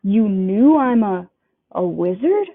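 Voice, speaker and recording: A woman's voice: medium pitch, lively intonation, slow, no echo. Harry Potter, a woman voicing a bewildered young boy. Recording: dry, tinny phone-like sound.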